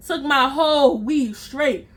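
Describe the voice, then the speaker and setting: A woman vlogger telling a personal story in an animated, emphatic and profane way, acting out scenes with sound effects. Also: sits high, takes it slowly.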